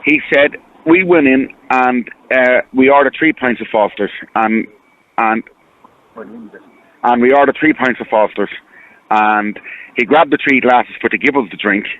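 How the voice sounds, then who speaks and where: A man's voice: medium pitch, moderate pace. A man with an Irish accent calling in to a radio show, telling his story in a rambling, earnest way and repeating himself. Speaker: caller. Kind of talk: phone-in radio call. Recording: tinny phone line.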